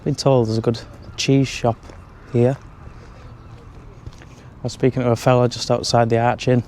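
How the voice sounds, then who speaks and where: Holding his camera, a man vlogs casually through pubs and streets, inside and outside, delivering pub reviews laced with dry humor. His mid-range, mellow voice barely moves in pitch and keeps a moderate pace, with a little hiss or hum in the audio.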